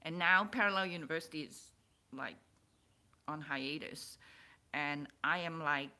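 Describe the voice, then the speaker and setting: Slow-talking, emotional woman vlogger. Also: low voice. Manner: rambling, restarts and repeats words, excitable. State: emotional, stirred up. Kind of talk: personal vlog, emotional monologue.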